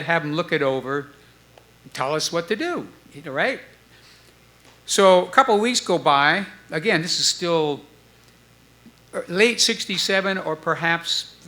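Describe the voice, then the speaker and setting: A man in his seventies telling stories on a club stage, acting out the voices of others in his tale. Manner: animated storyteller, acts out quoted voices with jumps in pitch. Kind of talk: storytelling chat before a live audience.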